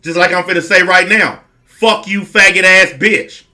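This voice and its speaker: An online commentator rants to camera in a high-pitched, hard-edged, forceful voice at a moderate pace. He's blunt, confrontational, and profane, repeating lines for emphasis, with nothing softened or polite about him.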